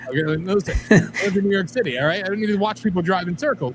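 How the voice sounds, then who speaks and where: A man co-hosting a talk radio show, animated and profane, sounding exasperated. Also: high-pitched, racing, background noise. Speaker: radio co-host. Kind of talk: casual political talk.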